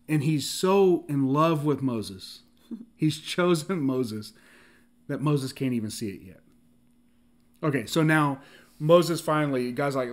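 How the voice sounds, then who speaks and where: A man giving a casual sermon, animated, often laughing and acting out the dialogue of the story, with frequent restarts and filler words. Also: medium pitch, a little slow. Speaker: preacher.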